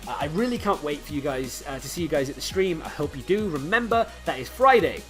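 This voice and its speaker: A young man co-hosting in a casual, excitable, jokey chat. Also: a little high, fast, faint music behind. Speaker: co-host of a game league channel.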